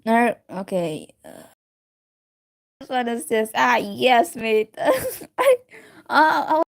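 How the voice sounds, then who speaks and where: A woman's voice: a little high, big pitch swings, slow pace, creaky. A woman casually reading a fan story aloud, often stumbling, restarting words and giggling between lines. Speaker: reader of a story.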